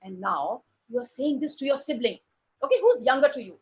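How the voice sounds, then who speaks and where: Animated woman teacher, high voice. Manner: deliberate pauses and stressed words. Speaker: drama teacher. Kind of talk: presentation to parents. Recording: dull lo-fi recording.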